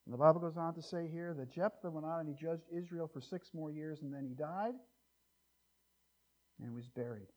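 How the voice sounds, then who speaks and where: High-voiced animated male preacher. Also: normal speed. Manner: animated, joking asides, varies loudness widely. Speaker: pastor. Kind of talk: expository sermon. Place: church.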